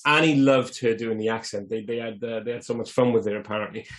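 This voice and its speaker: A man's voice: on the low side, fairly even intonation, quick pace. A man co-hosting a film podcast, telling anecdotes and wandering off on tangents. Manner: anecdotal, goes off on tangents, laughs between remarks. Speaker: podcast co-host. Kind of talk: casual film chat.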